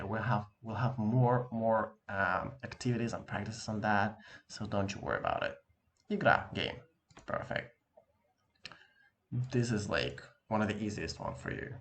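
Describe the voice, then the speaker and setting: A man teaching an online language lesson, lively and encouraging, talking casually with slang to his viewer from a room with an open window. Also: on the low side, vocal fry. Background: dog barking outside.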